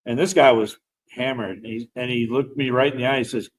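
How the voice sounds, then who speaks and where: A man's voice: medium pitch, quick pace, slight background noise, low-quality recording. A middle-aged man, a veteran guest, telling a personal story in a casual, rambling way. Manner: rambling, animated storyteller who laughs while talking.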